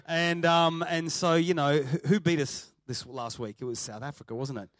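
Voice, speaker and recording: A man with an Australian accent and a high-leaning voice, at normal speed with no room sound, opens a sermon as a guest preacher before a congregation in a church hall. He teases with jokes and talks in a chatty way full of fillers.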